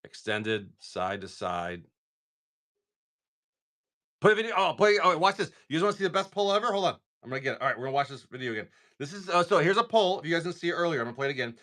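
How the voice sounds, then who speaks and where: A man running a live card sale, talking in a rambling, chatty way and often restarting. His pitch is animated, and his voice is bright and forceful. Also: fast talker. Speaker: live card-break seller. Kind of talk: casual live-stream chat.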